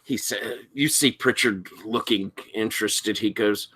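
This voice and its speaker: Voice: mid-range voice, breathy edge. A game master narrating a tabletop role-playing session and setting scenes for a player. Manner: unhurried, lively storytelling.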